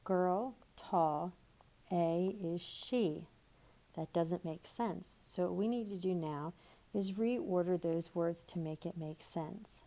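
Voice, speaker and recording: Slow, careful woman teaching grammar. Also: on the low side, warm tone. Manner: slow and deliberate, reading example sentences aloud. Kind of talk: recorded grammar lesson. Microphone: tablet microphone.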